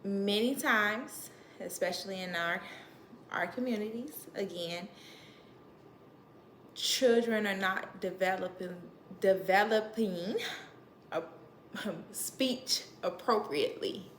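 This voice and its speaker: A woman's voice: medium pitch, takes it slowly, pauses often, echoey room, a little hiss or hum. A woman educator giving earnest, emphatic parenting advice to the camera in a casual vlog. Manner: earnest, emphatic, laughs at herself.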